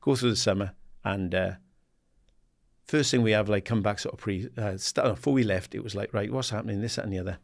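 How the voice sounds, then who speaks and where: A man in his sixties from England, a guest in an interview, telling animated stories and acting out the dialogue. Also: fairly low pitch, fairly quick, vocal fry. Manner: animated anecdotes, acts out quoted dialogue, laughs often; swears casually, says "mate". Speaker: guest, former footballer and assistant manager. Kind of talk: casual storytelling interview.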